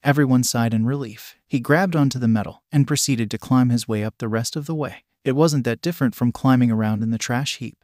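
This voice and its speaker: A man narrating a written story in an even, unhurried reading. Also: medium pitch, dry recording, studio quality.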